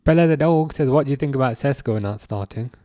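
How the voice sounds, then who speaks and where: A man's voice: medium pitch, fast talker, warm tone, no echo, clean studio sound. Chatty man streaming match commentary. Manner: reads chat messages aloud and answers viewers; chatty, self-correcting, repeats words. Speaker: live stream host. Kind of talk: casual live chat commentary.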